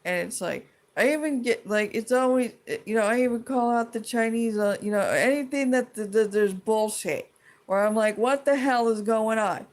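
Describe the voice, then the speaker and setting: A woman's voice: fairly high pitch, moderate pace. A woman ranting to her viewers in a heated, profane, rambling way, full of restarts and trailing thoughts. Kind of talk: casual rant to camera.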